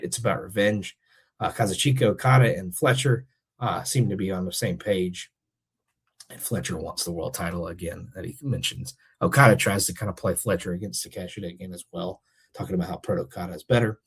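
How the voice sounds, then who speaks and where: Hoarse low-voiced man recapping wrestling. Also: fairly even intonation, brisk. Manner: rambling, many fillers. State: losing his voice. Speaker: host.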